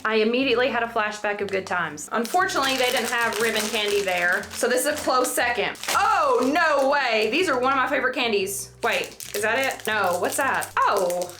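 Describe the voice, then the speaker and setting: A woman's voice: fairly high pitch, fairly bright tone, a little hiss or hum. Chatty woman with a Southern twang. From Southern United States. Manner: joking, rambling asides, stumbles on words. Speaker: DIY craft vlogger. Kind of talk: casual chatty crafting vlog. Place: bathroom.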